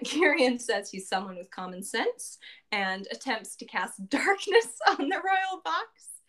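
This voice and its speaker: A woman casually recapping a tabletop game session, chatty and quick to laugh, acting out quotes in a lifted voice. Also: a bit bright. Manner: chatty, laughs often, acts out quotes in a higher voice.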